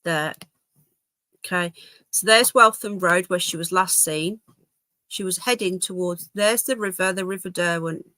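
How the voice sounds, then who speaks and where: A woman's voice: fairly low pitch, measured pace, bright, forceful tone, no echo. A woman hosting a casual live stream from home, chatting to viewers and her dogs. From England. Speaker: livestream host. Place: home, indoors.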